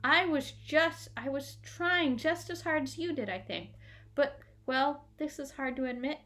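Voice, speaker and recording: A woman's voice: high voice, unhurried, fairly bright tone, pitched above the performer's own voice. Storybook father, middle-aged, earnest and solemn, apologetic tone, voiced by a woman.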